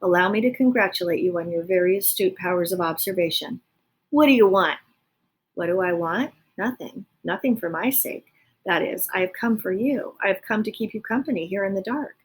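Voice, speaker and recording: A woman doing a hushed, breathy male rat. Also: medium pitch, fairly quick, lightly acted. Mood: wheedling. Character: soft-spoken male rat longing for light.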